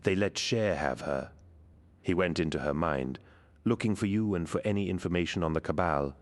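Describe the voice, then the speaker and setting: A man's voice: low voice, normal speed, close to an everyday voice. A man voicing a blunt adult male soldier, terse and urgent. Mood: grave.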